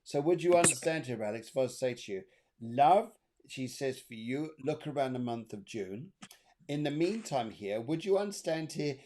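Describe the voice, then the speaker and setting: A man hosting a live-streamed psychic reading show, chatty and upbeat as he passes on messages. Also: a little mellow. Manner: chatty and upbeat, sings snatches of song in falsetto. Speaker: spiritual medium, co-host.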